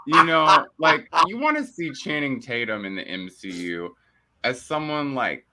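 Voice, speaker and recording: A man's voice: medium pitch, a little hiss or hum. A man hosting a casual podcast chat, joking and emphatic. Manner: animated, jokey, drawn-out emphasis. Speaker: podcast host.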